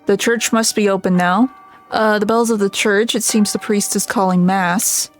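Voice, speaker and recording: A woman's voice: medium pitch, fairly even intonation, normal speed, soft background music. A woman streamer giving casual gameplay commentary, reading the on-screen text aloud and stumbling over names.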